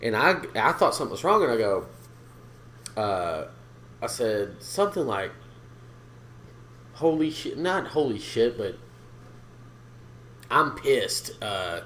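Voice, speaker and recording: A man on a casual podcast, ranting with a lively, swooping delivery and swearing a lot. He acts out the people he quotes. A faint hiss of noise sits under his voice. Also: fairly low pitch, slow, pauses often. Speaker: podcast co-host. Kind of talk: casual profane chat.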